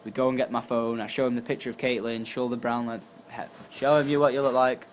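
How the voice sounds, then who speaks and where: Casual storyteller, young man, tired but animated, faint hiss behind. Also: brisk. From England. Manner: animated, acts out quotes with jumps in pitch and volume. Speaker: YouTuber.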